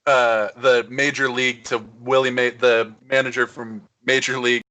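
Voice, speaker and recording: A man's voice: medium pitch, flat delivery, normal speed, sharp tone. A young man co-hosting a baseball watch party, chatting casually and chiming in with quips and laughs. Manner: laughs along, chimes in with quips. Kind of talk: casual chat.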